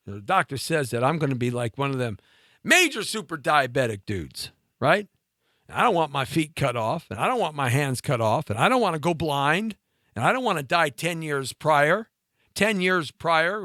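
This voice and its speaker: Animated ranting talk-show host man. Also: dry recording, clean studio sound. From mixed Latin and Scottish-Irish heritage. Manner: animated, ranting, mocking with sudden pitch jumps. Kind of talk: comedic monologue rant.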